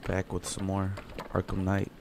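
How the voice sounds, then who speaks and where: A man's voice: sits low, completely flat delivery, normal speed, creaky, background noise. A man casually commentating his gameplay, laid-back and groggy after just waking up. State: just woke up. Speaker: gameplay streamer.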